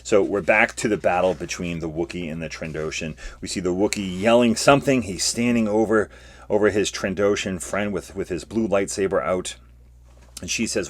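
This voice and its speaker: A man with a very low voice hosts a podcast, retelling a comic in a casual, excitable way. The sound is dry and close to the mic. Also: normal speed, no room sound. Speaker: podcast host. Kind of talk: recapping a comic aloud.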